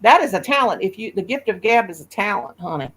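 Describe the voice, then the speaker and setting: A woman's voice: medium pitch, animated, fast, a little hiss or hum. A woman, hosting a casual live-stream chat in a folksy, teasing way. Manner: folksy, teasing, calls people honey and shug. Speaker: host.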